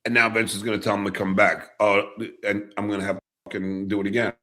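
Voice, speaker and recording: A man live streaming, talking in a brash, taunting way with drawn-out phrasing. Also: fairly low pitch, flat delivery, pushed and bright. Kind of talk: rambling live stream talk.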